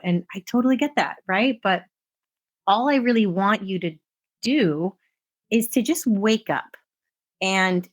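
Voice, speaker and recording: A woman's voice: mid-range voice, unhurried. A woman hosting a solo podcast, talking in an earnest, impassioned, conversational way. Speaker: podcast host.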